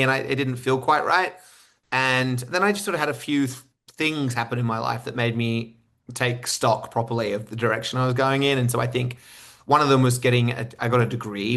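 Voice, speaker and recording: A man's voice: mid-range voice, vocal fry, a bit bright. A man in his thirties with an Australian accent, a podcast guest answering questions and often repeating words as he starts a thought. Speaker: guest speaker. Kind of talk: conversational interview answers.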